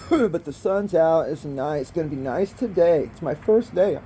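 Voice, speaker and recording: A man's voice: fairly high pitch, very animated, measured pace, heavy background noise. An older man, rambling profanely in a casual vlog from outdoors by a fire, calling the viewer bro and man. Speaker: vlogger.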